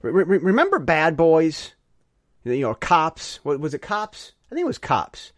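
A man giving an emphatic opinion monologue, halting and often repeating words as he restarts his sentences. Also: a little high, wildly swooping pitch, no echo, clean studio sound. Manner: emphatic, ranting. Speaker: commentator.

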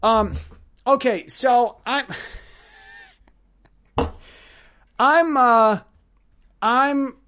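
A man's voice: very high-pitched, drawn-out words, pauses often, pushed and bright, slight background noise. A man hosting a solo podcast, telling a rambling story with sarcasm and lots of stammered restarts. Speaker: podcast host.

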